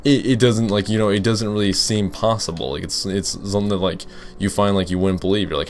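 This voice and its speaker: A man's voice: low-pitched, fairly even intonation, fast talker, faint music behind. A young man who makes gaming videos, answering viewer questions while playing, rambling with lots of fillers and restarts. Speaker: gaming YouTuber. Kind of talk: casual Let's Play commentary with Q and A.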